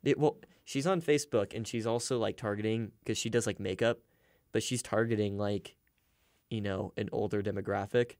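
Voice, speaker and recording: A young man co-hosting a casual sports podcast, chatty and quick to laugh, with lots of fillers. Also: fairly low pitch, steady tone, darkish tone, no room sound, clean studio sound. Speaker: podcast co-host.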